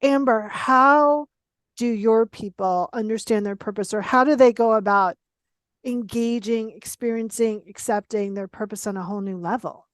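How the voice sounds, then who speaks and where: A woman hosting a casual conversation, talking in an animated, emphatic and playfully blunt way. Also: fairly high pitch, moderate pace, no room sound, clean studio sound. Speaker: podcast host.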